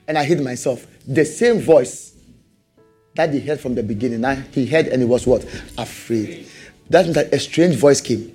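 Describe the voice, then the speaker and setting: A man's voice: medium pitch, moderate pace, mellow, breathy edge, faint music behind. A man preaching a sermon, calling for amens and hammering out repeated questions. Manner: call-and-response, rising to emphatic repeated questions.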